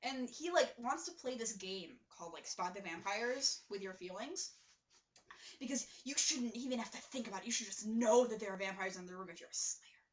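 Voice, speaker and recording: A woman's voice: medium pitch, animated, brisk, echoey room, distant mic. A woman co-hosting a casual episode recap, chatting loosely and peppering her talk with "like". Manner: chatty, fills talk with "like", acts out characters' lines. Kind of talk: casual chat.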